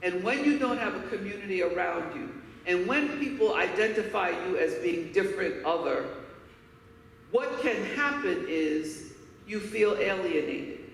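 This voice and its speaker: A woman's voice: mid-range voice, animated, unhurried, gravelly, a little hiss or hum. A woman from Harlem giving a keynote speech, telling personal stories in an emphatic, candid way. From Harlem, New York. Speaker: keynote speaker. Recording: echoey hall, voice from far off.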